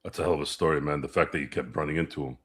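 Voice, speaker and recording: A man's voice: a bass voice, fairly even intonation, rapid-fire, fairly bright tone. A man in casual podcast chat, reacting to a story with laid-back affirmations. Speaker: podcast co-host.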